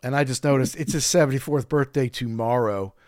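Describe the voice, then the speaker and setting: A man's voice: medium pitch, brisk, dry recording, studio quality. A middle-aged man, a podcast host, telling a concert story in casual chat. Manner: storytelling, animated when quoting his daughter.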